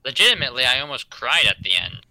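A young man chatting casually with friends, halting and restarting his phrases. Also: mid-range voice, very animated, crowd noise. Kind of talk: casual podcast chat. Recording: noisy with clicks.

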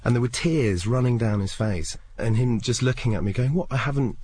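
A man's voice: medium pitch, moderate pace, husky. A man in his thirties, a comedian being interviewed, telling stories casually and acting out the voices of people he quotes. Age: 30s. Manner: lively storyteller, acts out voices in quotes.

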